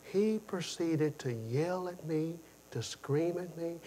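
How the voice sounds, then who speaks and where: This preacher speaks slowly in a slightly high voice, telling stories in an animated manner. He often repeats himself, and his delivery moves between loud, emphatic bursts and quiet stretches.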